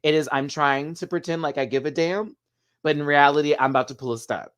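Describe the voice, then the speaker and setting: A man's voice: a little high, a little fast, a bit bright, clear, resonant tone. Chatty, gossipy man recapping a show. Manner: chatty and gossipy, laughs often. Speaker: host. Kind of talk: casual TV recap commentary.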